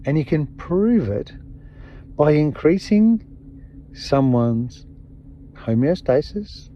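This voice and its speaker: A man's voice: fairly high pitch, big pitch swings, takes it slowly, slight background noise. A man hosting a podcast, giving an impassioned, blunt monologue full of swearing and repeated emphatic phrases. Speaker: podcast host. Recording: dull lo-fi sound.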